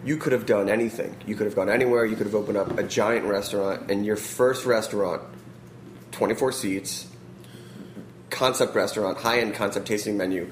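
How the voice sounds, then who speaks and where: A male host with a somewhat low voice asks long, meandering questions, padding them with fillers. The sound is roomy, with an audible echo, and a faint hiss sits in the background. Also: steady tone, fairly quick. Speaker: podcast host, interviewer. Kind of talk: casual interview questions.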